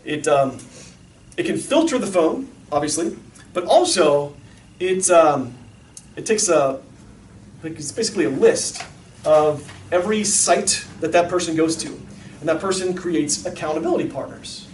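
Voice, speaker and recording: High, animated man speaking in an echoey room. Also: measured pace, a little hiss or hum. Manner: animated storyteller, acts out voices. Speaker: speaker at a parenting talk. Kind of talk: lively talk to an audience. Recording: echoey room, mic far off.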